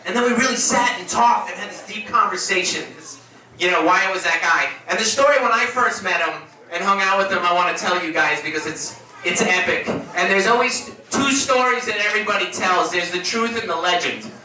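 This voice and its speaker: A man giving a eulogy for his best friend, telling stories in a casual, animated way with laughs and swearing. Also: high voice, a little fast. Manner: animated, laughing storyteller who swears freely. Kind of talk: memorial speech, casual storytelling. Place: room at a memorial gathering. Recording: echoey room, distant mic, crowd.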